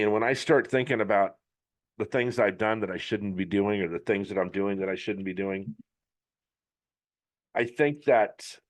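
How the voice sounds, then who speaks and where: A middle-aged man hosting a podcast, giving a blunt, emphatic motivational monologue with some swearing. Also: lowish voice. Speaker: podcast host.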